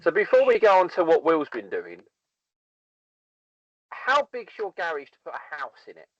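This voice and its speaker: A man with a lively, varied pitch who co-hosts a casual podcast, giving hands-on tips and asking his co-hosts questions. His voice is dry and close, on dull lo-fi audio. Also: moderate pace, no echo. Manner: gives practical advice, asks questions. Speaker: podcast co-host. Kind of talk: casual chat.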